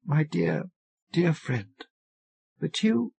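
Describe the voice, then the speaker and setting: A man voicing a solemn young female ghost who speaks gravely and quietly in an audiobook. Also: a little high, sing-song, very slow, pitched above the performer's own voice, heavily acted. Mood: caressing. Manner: grave, quiet, sometimes sharp. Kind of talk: audiobook character voice.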